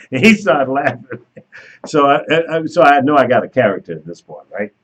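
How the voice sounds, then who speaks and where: A man's voice: mid-range voice, moderate pace, husky, rough recording. A man hosting a talk show, telling a story in casual chat and laughing as he goes. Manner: animated storyteller who laughs while telling. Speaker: radio show host.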